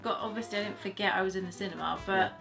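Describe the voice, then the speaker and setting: A woman joining a relaxed film review chat and chiming in with teasing asides. Her voice sits at a middle pitch, and loud music runs behind her. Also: racing, vocal fry. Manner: playful, teasing interjections. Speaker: co-host, host's partner.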